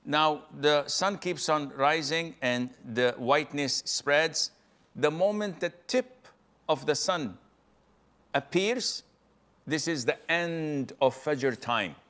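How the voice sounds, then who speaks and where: Calm man explaining step by step. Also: on the high side, slow. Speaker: Islamic scholar answering questions. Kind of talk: religious Q&A explanation.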